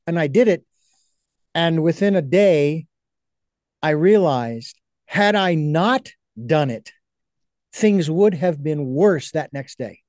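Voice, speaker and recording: A man hosting an interview, speaking in a measured, reflective way with many pauses. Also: on the high side, a little mellow, dry recording, studio quality. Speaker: host. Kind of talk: casual interview chat.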